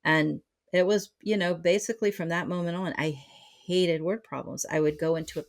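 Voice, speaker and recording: Low, gravelly-voiced woman therapist. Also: normal speed. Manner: reflective, many fillers and restarts. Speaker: psychotherapist guest. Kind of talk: conversational podcast interview.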